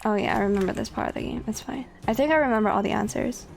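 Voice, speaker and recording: A woman's voice: on the high side, racing, vocal fry, a little mellow, a little hiss or hum. A woman streamer chatting casually with her viewers while she plays, swearing freely. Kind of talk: casual gameplay commentary.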